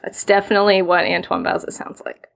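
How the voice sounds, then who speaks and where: A woman co-hosting a game podcast in casual chat, playful and quick to laugh. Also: lowish voice, little pitch movement, vocal fry. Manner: giggly, playful. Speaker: podcast co-host.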